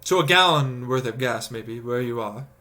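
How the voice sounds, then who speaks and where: A man's voice: mid-range voice, expressive, moderate pace, sharp tone. A young adult man livestreaming, ranting casually and profanely about commuting costs and acting out his own exasperated thoughts. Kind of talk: casual rant to stream chat.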